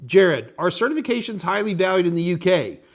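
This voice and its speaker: A man's voice: sits high, sing-song, a little fast, vocal fry. Chatty man hosting a live tech Q&A. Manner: rambling, reads viewer chat aloud, thinks out loud. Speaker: tech instructor and show host. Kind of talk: live-stream Q&A, casual chat.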